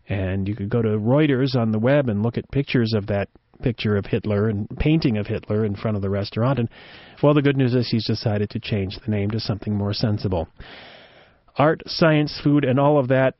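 A man's voice: medium pitch, brisk, dry recording. Wry rambling male radio host. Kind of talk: casual commentary. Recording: dull dry lo-fi sound.

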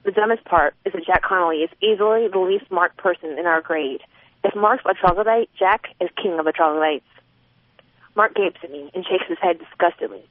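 Woman audiobook narrator, expressive first-person reading, phone-like narrow sound, dry. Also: fairly low pitch, a little fast, no room sound. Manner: expressive, voicing a twelve-year-old girl's inner thoughts.

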